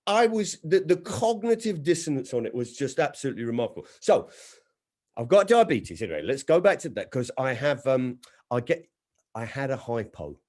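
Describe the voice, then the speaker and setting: Guy doing standup over a video call, big loud bits then quiet asides, lively voice. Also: a little fast. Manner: animated, jumping between loud acted quotes and low asides. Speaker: stand-up comedian. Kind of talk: stand-up storytelling. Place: home setup on a video call.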